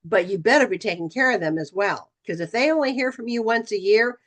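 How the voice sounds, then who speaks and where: A woman's voice: medium pitch, expressive, brisk. A middle-aged woman leading a training session for real estate agents, talking casually and acting out bits of client dialogue. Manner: conversational, acts out client dialogue.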